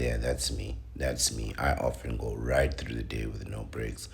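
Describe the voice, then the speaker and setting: A man's voice: rumbling low, flat delivery, unhurried, gravelly. A man hosting a show, reading an article aloud and breaking off into opinionated, preachy rants. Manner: preachy, rants with rising emphasis.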